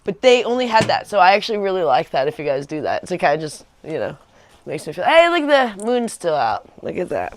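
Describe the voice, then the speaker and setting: Chatty low-voiced woman vlogger. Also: sing-song, a little fast, slight background noise. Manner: chatty and rambling, many fillers and restarts. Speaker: vlogger on a livestream. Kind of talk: casual livestream chat.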